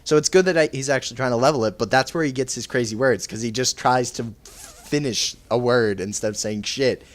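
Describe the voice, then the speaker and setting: Young guy rambling thru a story on a voice call, swears a lot, mid pitch. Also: brisk. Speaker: podcast host. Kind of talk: casual chat.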